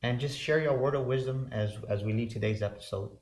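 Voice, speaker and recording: A man's voice: medium pitch, fairly quick, darkish tone. A man co-hosting a motivational talk show, speaking fervently with repeated, preacher-like build-ups. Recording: roomy echo.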